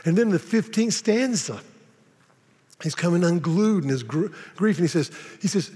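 A man preaching a sermon, often repeating words and slowing down dramatically on key phrases. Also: sits high, animated, dark tone. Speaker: pastor. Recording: long reverb of a large hall.

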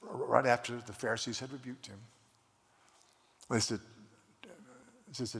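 A man's voice: medium pitch, steady tone, unhurried, pauses often, a bit bright. A man preaching a sermon, retelling scripture stories with many stammered restarts and quoted voices. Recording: long hall reverb.

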